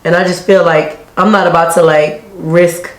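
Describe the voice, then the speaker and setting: Young woman, Army officer, talkative and casual, slightly low voice, echoey room. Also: fairly even intonation, normal speed. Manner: chatty, talkative. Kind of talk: casual makeup chat.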